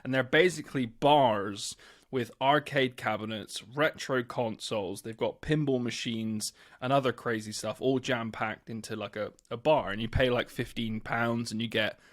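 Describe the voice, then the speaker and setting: A man's voice: mid-range voice, moderate pace. Chatty podcast co-host man. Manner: animated storyteller, loose and chatty. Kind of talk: casual podcast chat. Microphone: podcast microphone.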